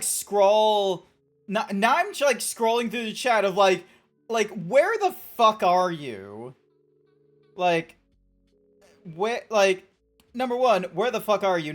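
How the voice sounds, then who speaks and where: An Australian woman streaming live, chatting casually with her viewers in a rambling, sweary way as she reacts to chat. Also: medium pitch. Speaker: Twitch streamer. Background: faint background music.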